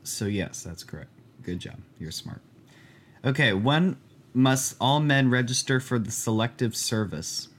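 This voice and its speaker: A man's voice: medium pitch, lively intonation, unhurried, a bit bright. Teasing male podcast host. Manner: teasing, dry joking. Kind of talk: casual podcast chat.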